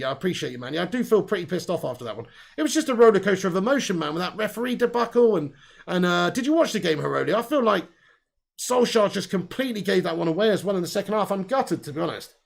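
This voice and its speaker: High gravelly man ranting. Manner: blunt and sweary, reading out viewer comments. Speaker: football watch-along host. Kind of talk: live stream chat reading comments.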